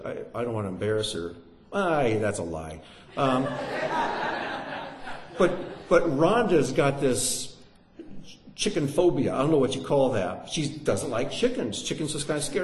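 A man preaching a sermon in an animated way, with joking asides and swings between loud and hushed delivery. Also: medium pitch, echoey room.

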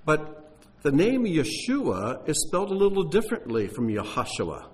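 A man's voice: on the high side, huge pitch swings, normal speed, darkish tone. A man teaching on Bible texts, explaining in a conversational way with occasional fillers.

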